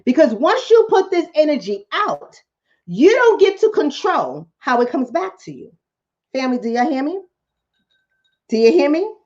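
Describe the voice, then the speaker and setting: A woman's voice: high-pitched, sing-song, moderate pace, a little mellow, dull audio. A woman vlogger and coach giving impassioned commentary to her viewers, preaching, repeating lines for emphasis and calling them family.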